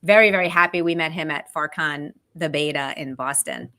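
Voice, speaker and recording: A woman's voice: deep voice, fairly quick. A woman co-hosting a podcast, chatting casually and enthusiastically, with plenty of "like" and "um". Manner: enthusiastic, warm-hearted, lots of "like" and "um". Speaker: podcast co-host.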